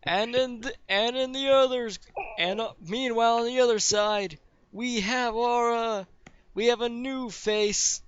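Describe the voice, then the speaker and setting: A man's voice: very high voice, a little slow, fairly bright tone, clear, resonant tone, dry recording, pitched above the performer's own voice. A man voicing a showy male arena announcer who stretches out his words and stumbles over the lines. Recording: dull dry lo-fi recording.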